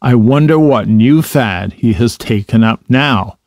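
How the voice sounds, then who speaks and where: A man's voice: medium pitch, measured pace, a little mellow, no room sound, clean studio sound, close to an everyday voice. A man voicing a friendly, sensible male water rat who explains things plainly to a friend. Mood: knowing. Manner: explaining, matter-of-fact.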